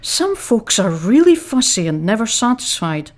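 A woman's voice: a little high, big pitch swings, moderate pace, darkish tone. A woman voicing God in a radio comedy sketch, fatherly and down-to-earth, with a dry, teasing, patient manner.

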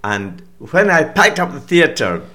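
An older Scottish man, an author and broadcaster, chatting homely in an interview and telling a story with frequent throat-clearing. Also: fairly high pitch, sing-song, slow, bright, forceful tone.

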